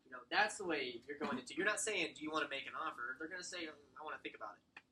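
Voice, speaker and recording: A man giving a sales training talk to a small room, acting out client scripts and slowly stressing short commands. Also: on the high side, sharp tone, a little hiss or hum, low-quality recording. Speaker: real estate sales trainer.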